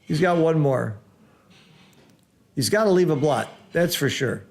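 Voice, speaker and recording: Brief: man, game commentator, slightly high voice, excitable, teacher's patient explanations. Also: unhurried. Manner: excitable, exclaims loudly at big rolls, then explains calmly.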